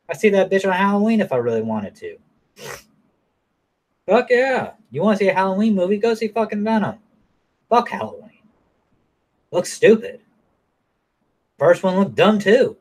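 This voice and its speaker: Blunt, profane man ranting casually. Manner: mocks others in high falsetto. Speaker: vlogger.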